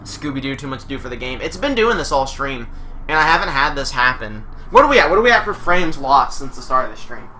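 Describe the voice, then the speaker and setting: A young man with a very bright, sharp-edged voice chats through a wrestling video game on a live stream, rambling and joking in mock play-by-play. A faint hiss of noise sits under his voice, which stays mid-pitched and casual. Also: sing-song, fast. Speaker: streamer and commentator. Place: home room while streaming.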